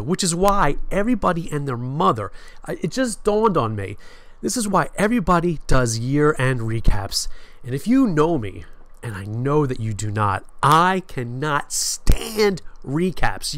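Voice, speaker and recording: A man's voice: a little high, a bit bright, no echo. A man hosting his own show in a sarcastic, self-mocking way, swearing freely, with a nasal voice close to the microphone. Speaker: show host. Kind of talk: casual comedic show hosting. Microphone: microphone on a stand close to the face.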